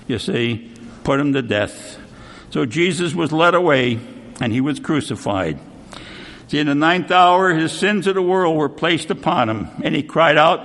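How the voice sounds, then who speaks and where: A man's voice: fairly high pitch, expressive, moderate pace, vocal fry, a bit bright. A man preaching a sermon, conversational and constantly checking in with "see?", with a long hall reverb. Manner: conversational, repeats "see?" often.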